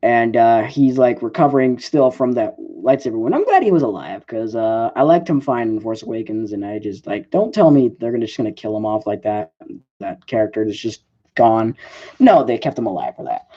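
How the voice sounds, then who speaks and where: Rambling man with a lively voice. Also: mid-range voice, moderate pace, breathy edge, muffled recording. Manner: rambling, lots of "like" and fillers, self-correcting. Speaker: film reviewer. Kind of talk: casual movie review.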